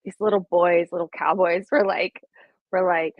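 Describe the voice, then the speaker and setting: A woman's voice: on the low side, normal speed, no echo. Laughing woman DJ, dull dry sound. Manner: laughs often, animated retelling of anecdotes. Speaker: DJ and guest. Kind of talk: casual storytelling in an interview.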